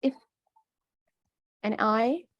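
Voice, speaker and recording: A woman student answers the teacher in single words and murmurs. Her voice is a bit high. The sound is dull, like a lo-fi call. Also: drawn-out words, dry recording. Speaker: student in class. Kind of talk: short answers in class.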